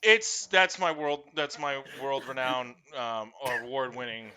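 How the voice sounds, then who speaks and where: Man, comic storyteller, lively pitch swings, crude and loud, bursts into squeaky impressions. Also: a little slow, a crowd in the background. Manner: profane, animated, breaks into shrill shouted impressions. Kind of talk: comedic storytelling.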